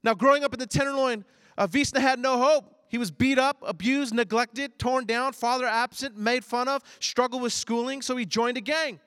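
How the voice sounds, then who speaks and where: Male pastor, 30s, high voice, bold sermon delivery, sudden quiet asides, dry close sound. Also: normal speed, smooth, no echo. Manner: animated preacher, swings between loud emphasis and low asides.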